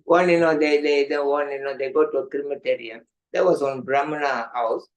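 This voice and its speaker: Animated storytelling monk, fillers galore. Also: male voice, on the high side, a little fast, poor audio. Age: older. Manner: animated storyteller, acts out voices, laughs often, many "you know" fillers. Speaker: monk giving an evening class. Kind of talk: storytelling sermon.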